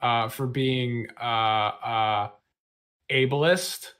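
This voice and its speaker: Bright-voiced man telling a laid-back story. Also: mid-range voice, steady tone, very slow, smooth. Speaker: podcast co-host. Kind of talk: casual chat.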